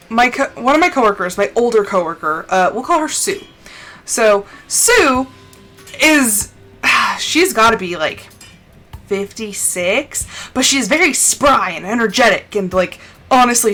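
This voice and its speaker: Chatty young woman streamer, bit high. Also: pushed and bright. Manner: chatty storytelling, laughs often. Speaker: live streamer. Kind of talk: casual chat while gaming. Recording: background noise.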